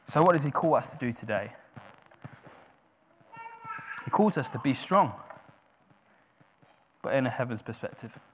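A man preaching a sermon, swinging from hushed, slow emphasis to loud, rising exhortation, correcting himself as he goes. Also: mid-range voice, animated, a little hiss or hum. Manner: self-correcting, with brief laughs.

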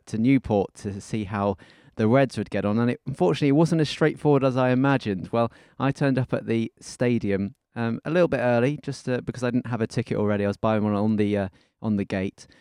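A man's voice: medium pitch, brisk, few pauses, darkish tone, clear, resonant tone, no echo, clean studio sound. A man co-hosting a casual football podcast, easygoing and self-deprecating, often laughing at himself. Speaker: podcast co-host.

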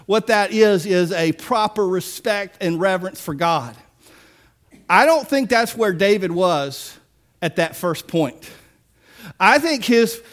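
A man's voice: high-pitched, animated, slow. A man preaching a sermon in a conversational way, acting out the people he describes. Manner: conversational preaching with mock-quoted voices and asides. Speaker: pastor.

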